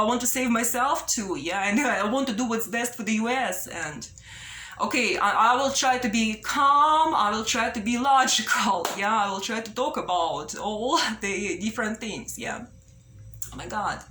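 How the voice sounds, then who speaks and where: A woman making an earnest, pleading appeal straight to the viewer, talking slowly and repeating herself, often tagging her sentences with "yeah?". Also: on the high side, sharp tone. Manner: slow, repetitive, pleading, ends phrases with "yeah?". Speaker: vlogger. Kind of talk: earnest direct-to-camera appeal. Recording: roomy echo.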